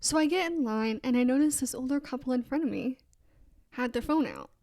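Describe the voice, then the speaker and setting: A woman's voice: high voice, a little fast, a little mellow, dry recording. Chatty woman podcast host, dry close sound. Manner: chatty storytelling with quoted voices. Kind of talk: casual faith podcast monologue.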